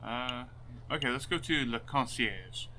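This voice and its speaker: A man's voice: mid-range voice, lively intonation, a little slow, sharp tone, a little hiss or hum. A man playing a story game and reading its text, joking at his own mistakes and swearing casually. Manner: self-deprecating, swears casually. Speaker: gaming YouTuber. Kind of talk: let's play commentary and reading. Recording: game music underneath.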